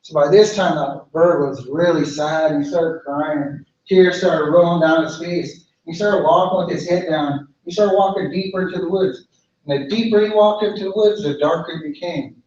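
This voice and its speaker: A man telling a traditional folk story aloud in an unhurried, repetitive way, in an echoey, distant, lo-fi recording. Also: on the high side, a little mellow. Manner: unhurried, repetitive, with many restarts.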